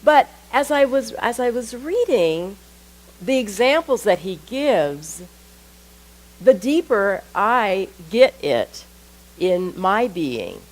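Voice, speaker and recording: Woman minister, sermon, animated pitch, unhurried delivery, reads passages slowly. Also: low-quality recording. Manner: lively storytelling, acting out her own thoughts with rising voice.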